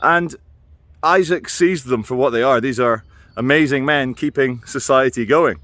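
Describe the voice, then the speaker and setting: Male vlogger, musing and meandering, dry close sound, mid-pitched, out on a walk. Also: normal speed, a bit bright, dry recording. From Britain. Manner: wry, meandering, musing aloud with asides. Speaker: video blogger. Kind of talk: rambling vlog monologue. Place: outdoors on a walk.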